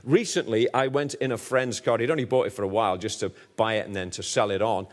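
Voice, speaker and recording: Lively Liverpool preacher, booming then hushed. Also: male voice, fast. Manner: humorous, lively, swinging between booming and hushed. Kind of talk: sermon.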